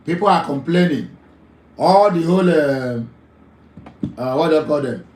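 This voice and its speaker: A man's voice: a little high, moderate pace, long pauses, a little mellow, roomy sound, a little hiss or hum, poor audio. A Nigerian man hosting a live call-in talk show, emphatic, often repeating his phrases.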